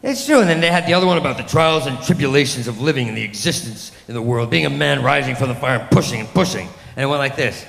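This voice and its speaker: A man's voice: on the high side, big pitch swings, quick pace, creaky, a bit bright, long reverb tail. A man doing a rambling, crude stand-up comedy set, full of sarcastic rants and mocking impressions.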